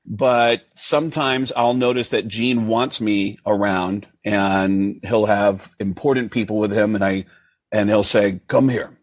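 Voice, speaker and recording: A man, a comedian, telling stories in an animated way and jumping high when he quotes himself. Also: measured pace, no room sound. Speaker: guest comedian. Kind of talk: casual storytelling.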